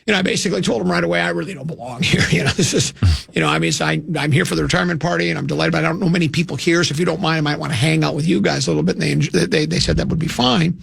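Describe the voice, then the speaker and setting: Gravelly folksy older radio host. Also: male voice, on the high side, racing, a bit bright, no room sound. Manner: folksy, self-mocking, many restarts. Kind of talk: rambling radio anecdote.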